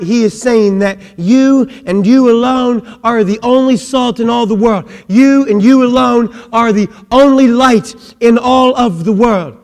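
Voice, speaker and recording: High-voiced preacher, slow, in a reverberant hall. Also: male voice. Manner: swings from impassioned shouting to hushed intensity. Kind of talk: sermon. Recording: long reverb of a large hall.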